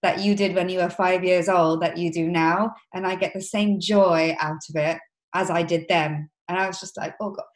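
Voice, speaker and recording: A woman hosting an interview, gentle and openly emotional as she talks. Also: lowish voice, fairly even intonation, moderate pace. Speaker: podcast host. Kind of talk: casual interview. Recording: roomy echo.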